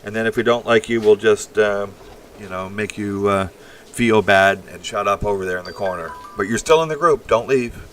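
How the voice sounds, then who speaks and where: A man's voice: lowish voice, moderate pace, a bit bright, distant mic, faint music behind. A man from Canada hosting a casual livestream, rambling bluntly and crudely as he reacts to chat messages. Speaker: livestream host. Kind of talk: casual live-stream chat.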